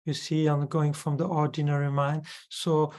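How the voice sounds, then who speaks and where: A man teaching Buddhist philosophy and answering a student's question, explaining in a measured way and checking in with short tag questions. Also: fairly high pitch, flat delivery, darkish tone.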